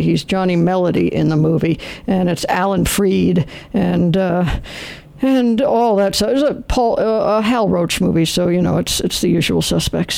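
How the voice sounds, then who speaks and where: An older man hosts a radio show in a rambling, casual way, full of fillers and self-corrections. His voice sits high for a man and carries a gravelly fry. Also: a little mellow.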